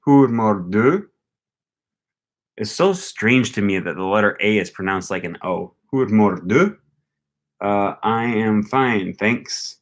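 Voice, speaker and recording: A young man casually thinking aloud as he tries a language app, slowly repeating foreign phrases after a recording. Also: lowish voice, animated. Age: young adult. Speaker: language learning vlogger. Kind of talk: casual commentary while using a language app.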